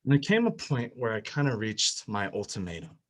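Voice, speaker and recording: A man's voice: lowish voice, wildly swooping pitch, fairly quick, rough recording. A young man giving a personal faith testimony, telling his story with strong feeling and many restarts. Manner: emotional storytelling, rising and louder at the climax, many restarts.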